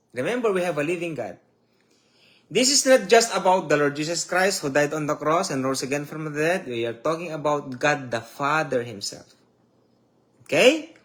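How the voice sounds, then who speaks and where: A man preaching a sermon slowly and emotionally, reading scripture loudly and then dropping to soft asides. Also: on the high side. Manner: slow, emotional preaching with swells and drops in loudness. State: tearful.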